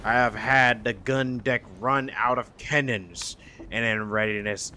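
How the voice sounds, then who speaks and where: Man putting on a gruff pirate captain. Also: mid-range voice, steady tone, measured pace, bright, forceful tone, slight background noise. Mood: commanding. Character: frustrated weathered male pirate captain.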